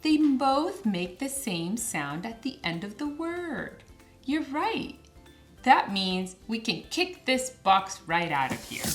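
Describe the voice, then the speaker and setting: A woman teaching young children phonics in a slow, clear, sing-song way, stretching each word out. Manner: sing-song, stretches words slowly with lively pitch.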